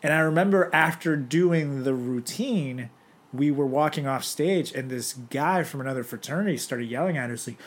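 Animated young man telling stories. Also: fairly high pitch, moderate pace. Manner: animated storyteller, laughs often, acts out quoted voices. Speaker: podcast co-host. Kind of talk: casual chat.

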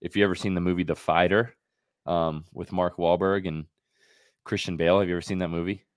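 A man's voice: sits low, fairly even intonation, fairly quick, dry recording, clean studio sound. A young man hosting a podcast interview, chatty and loose, laughing often and full of fillers. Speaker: podcast host. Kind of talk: casual interview chat.

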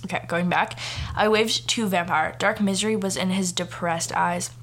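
A woman's voice: fairly low pitch, steady tone, moderate pace, a bit bright, slight background noise. A woman hosting a casual podcast, teasing her co-host and reading fan fiction aloud with sarcastic asides on her own close microphone. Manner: teasing and sarcastic, mocks the text while reading.

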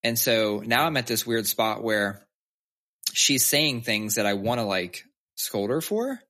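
Bright-voiced man in casual chat. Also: medium pitch, lively intonation, unhurried. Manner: candid, swears freely, acts out his kids' lines. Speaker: podcast co-host.

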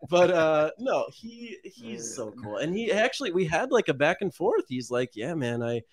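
Animated man telling a story. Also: high-pitched, moderate pace, breathy edge. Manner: animated storytelling, swears freely, laughs often. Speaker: guest, meme page creator. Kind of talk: casual interview chat.

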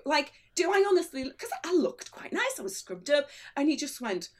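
A woman's voice: sits high, sing-song, moderate pace, hardly any pauses. A middle-aged woman, an illustrator, telling a funny story on a chat show and laughing through her lines. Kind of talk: comic anecdote on a chat show.

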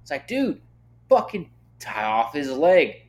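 Young man, podcast guest, animated, swears constantly, loud bursts. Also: a little high, slow. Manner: animated, profane, gets loud when worked up. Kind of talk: casual chat.

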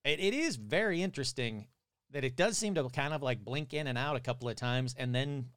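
A man hosting a casual podcast, chatty and reacting aloud as he watches clips, his voice hoarse and cutting in and out. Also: mid-range voice, animated, fairly quick, a bit bright, no room sound, clean studio sound. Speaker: podcast host.

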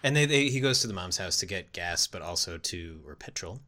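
A man's voice: sits low, expressive, brisk, pushed and bright. A man co-hosting a podcast, casually retelling a film's plot in rambling starts and stops. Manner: rambling, restarts a lot. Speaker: podcast co-host. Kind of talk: casual chat recapping a film.

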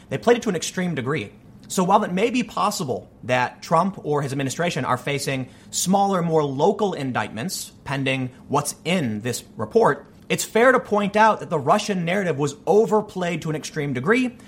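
A man's voice: a little high, a bit bright, slight background noise. A man delivering an opinion monologue on politics, emphatic and argumentative. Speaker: political commentator.

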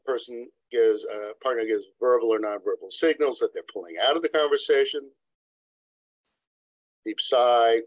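A man's voice: mid-range voice, dry recording, rough recording. Man explaining therapy research, dry sound. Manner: lecturing, digressive, acts out quotes. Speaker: couple therapist, interview guest. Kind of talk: expert explaining in a podcast interview. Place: New York City practice.

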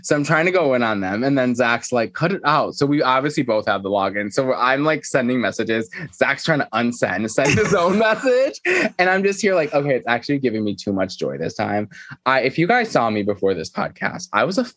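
A man's voice: medium pitch, sing-song, brisk, fairly bright tone, dry recording. A man co-hosting a podcast, chatting casually about reality TV, swearing freely and quoting people in mock voices. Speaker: podcast co-host. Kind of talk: casual chat, reality TV recap.

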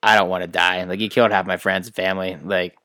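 A man's voice: low-pitched, little pitch movement, fast, sharp tone, dry recording, studio quality, pitched below the performer's own voice. A man voicing a beefy, foul-mouthed kobold prisoner in a tabletop game, talking in a stammering, pleading way. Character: beefy captured male kobold, crude and desperate.

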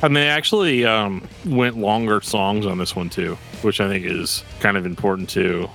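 A man's voice: lowish voice, normal speed, creaky, fairly bright tone, soft background music. A man hosting a podcast, talking casually about metal records in a rambling way with lots of fillers. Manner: laid-back, rambling with frequent fillers and laughs. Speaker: podcast host.

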